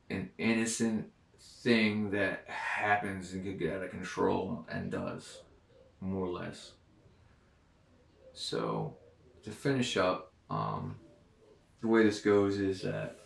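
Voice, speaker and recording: Guy with a deep gravelly voice, stop-start rambling, sounds far from the mic in an echoey room. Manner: halting, hesitant, many ums and restarts. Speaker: dream recounter. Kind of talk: casual spoken monologue.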